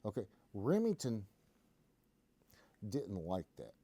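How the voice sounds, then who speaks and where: A man's voice: lowish voice, wildly swooping pitch, takes it slowly, warm tone, no room sound. A man hosting a casual live stream from a gun shop, telling stories in a folksy, joking way. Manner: folksy, joking, rambling explanations. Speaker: host.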